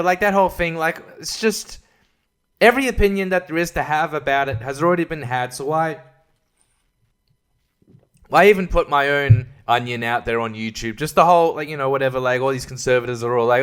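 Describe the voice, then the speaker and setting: A man's voice: mid-range voice, brisk, a bit bright, smooth. A young man hosting a rambling solo podcast, sarcastic and full of fillers. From Australia. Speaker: podcast host.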